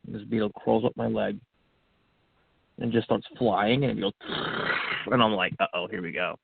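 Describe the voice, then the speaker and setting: A lowish, gravelly male voice comes through a thin, phone-like line with no room sound at all. He tells a personal story in earnest, breaking into the words he said to himself as if reliving them. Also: fairly even intonation, normal speed, no echo. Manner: earnest, acts out his own inner dialogue. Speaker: podcast guest. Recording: tinny phone-like line, dry.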